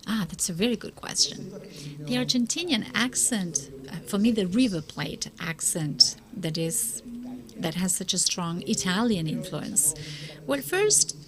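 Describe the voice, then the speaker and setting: A woman's voice: mid-range voice, lively intonation, a little slow, crowd noise. A woman speaking at a conference, answering audience questions in an earnest, encouraging way and often repeating words as she starts a sentence. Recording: live conference with audience noise.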